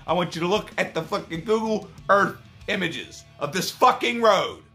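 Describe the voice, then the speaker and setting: A man ranting in a video, swearing heavily and swinging between angry shouting and low, exasperated muttering. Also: creaky. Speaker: YouTuber. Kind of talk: profane rant video.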